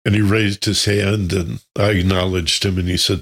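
A man's voice: low voice, level tone, normal speed, hardly any pauses, a bit bright. A man teaching a self-development class who tells anecdotes, chuckles and asks rhetorical questions.

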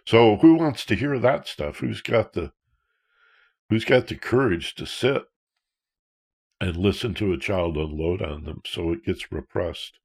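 Counselor, male: very low, gravelly delivery, earnest and explanatory. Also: expressive, measured pace, darkish tone. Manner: earnest, explanatory, with rhetorical questions. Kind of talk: talk on emotional self-awareness.

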